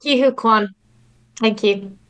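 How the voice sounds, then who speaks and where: A woman chatting casually as a podcast guest. She gushes with excitement, her words tumbling out eagerly. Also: medium pitch, takes it slowly. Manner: gushing, excitable. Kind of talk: casual roundtable chat.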